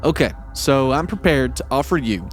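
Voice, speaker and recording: A man's voice: mid-range voice, animated, moderate pace, faint music behind. A man role-playing a character at a tabletop game, rambling and hesitant with lots of ums and restarts. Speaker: player.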